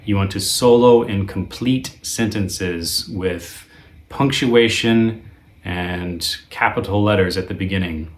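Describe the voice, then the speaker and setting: A man teaching a guitar lesson in a relaxed, conversational way, with frequent ums and uhs. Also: low-pitched, slow. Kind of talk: video lesson.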